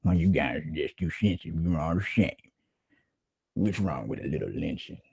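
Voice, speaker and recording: A man's voice: extremely low pitch, expressive, normal speed, gravelly, a little mellow, slightly rough, dry recording, studio quality, voice pushed down, heavily acted. A man putting on the voice of a smug, dismissive male online troll in a mocking, sneering tone.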